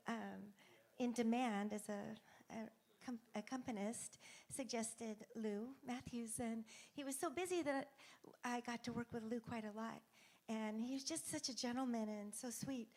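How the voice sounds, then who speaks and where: A woman jazz singer speaking a gentle, hesitant tribute at a memorial. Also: a little high, measured pace.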